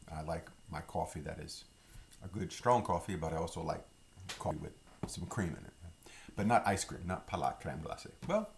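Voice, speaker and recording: Low-voiced Louisiana man teaching French. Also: expressive, normal speed, creaky, slight background noise. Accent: Louisiana French speaker. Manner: patient, repeats words for learners to echo. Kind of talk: casual spoken lesson.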